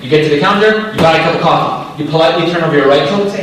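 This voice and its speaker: A young man giving a casual, joking Islamic talk to students, slangy and animated. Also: sits high, fast, slight background noise. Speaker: Islamic speaker. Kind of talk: informal lecture to students. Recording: echoey hall from far off.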